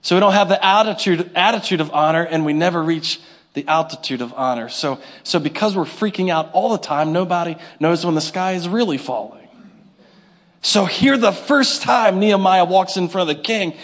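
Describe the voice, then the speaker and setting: A man preaching a sermon to his congregation, animated, with call-and-response and little acted-out scenes. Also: high voice, moderate pace. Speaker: pastor.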